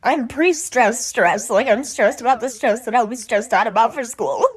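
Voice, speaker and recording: A woman reading funny tweets aloud to camera in a playful way, jumping up in pitch for punchlines. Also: a bit bright, slightly rough. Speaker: tiktok creator reading tweets.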